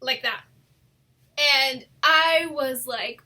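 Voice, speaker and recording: A young woman telling a personal story in a casual, animated way, swearing often and saying "like" a lot. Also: high voice, normal speed. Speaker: storytime vlogger.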